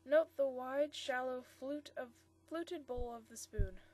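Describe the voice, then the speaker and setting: Woman reading as a mellow old shopkeeper. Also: high voice, slow pace. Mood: explaining. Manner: mellow, friendly, diffident. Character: mellow elderly male shop proprietor, courteous.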